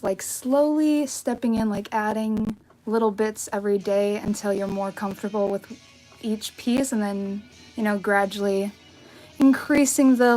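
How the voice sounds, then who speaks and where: A woman's voice: medium pitch, a little mellow, poor audio. A young woman chatting casually through a live-stream Q&A, upbeat, with many likes and ums, on a phone held at arm's length in her bedroom. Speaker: vintage fashion YouTuber. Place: bedroom with vanity. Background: faint music.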